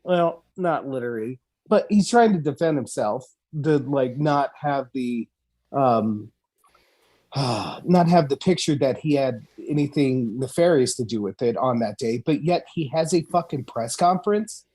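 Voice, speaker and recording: A man in a middle pitch for a man, co-hosting a podcast and swearing heavily through a comedic rant. He sounds worked up and indignant. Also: lively intonation, unhurried, darkish tone. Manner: ranting with heavy swearing. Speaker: podcast co-host.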